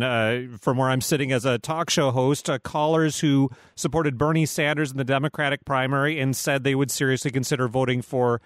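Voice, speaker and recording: A man's voice: medium pitch, no echo. A male talk show host asking questions in a conversational way, circling through fillers to frame them. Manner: conversational, with filler and restarts while framing questions. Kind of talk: radio interview.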